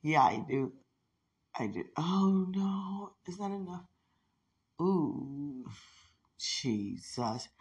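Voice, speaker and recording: Slow, husky woman murmuring to herself. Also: low-pitched, animated. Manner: talks to herself, sighs and prays aloud. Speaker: mother talking to herself. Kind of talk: rambling emotional monologue.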